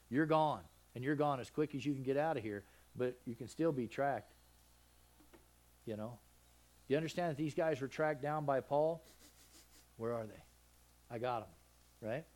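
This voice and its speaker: A man with a Southern accent preaching a folksy, conversational sermon, often asking his congregation questions. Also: mid-range voice. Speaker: pastor.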